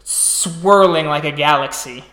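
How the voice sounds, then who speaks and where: A man narrating a tabletop game as storyteller, describing scenes slowly and restarting phrases as he goes. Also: on the high side, bright, forceful tone, reverberant.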